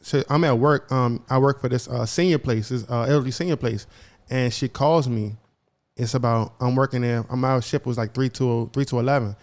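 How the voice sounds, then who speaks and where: A man's voice: mid-range voice, steady tone, normal speed, darkish tone. A young man co-hosting a podcast who tells a personal story in casual talk, acting out each side of the conversations and often repeating and restarting his phrases. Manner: retells events by acting out both sides of conversations. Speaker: podcast co-host.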